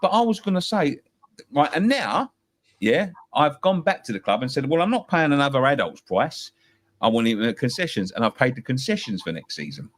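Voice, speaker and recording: A man's voice: medium pitch, very animated, a little fast. A fired-up middle-aged man on a fan show, his voice rising and falling all over as he drives his points home. He swears freely and says the same line again and again for emphasis. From England. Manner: passionate, swearing, repeating himself. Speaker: football fan guest. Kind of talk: heated fan-show chat.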